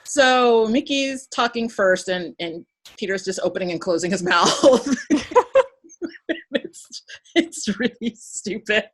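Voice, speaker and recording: A woman host chatting casually on a podcast. She retells scenes in an animated way, slips into acted-out quotes and laughs often. Her voice sits at a middle pitch.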